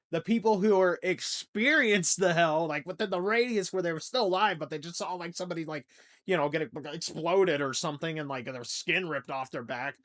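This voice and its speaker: Crude and rambling, this young man's comedy podcast monologue lurches between loud bursts and low mumbling as he hosts.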